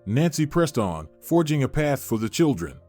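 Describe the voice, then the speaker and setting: A man narrating a family story in a steady storytelling manner. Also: mid-range voice, normal speed, faint music behind. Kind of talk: scripted narration.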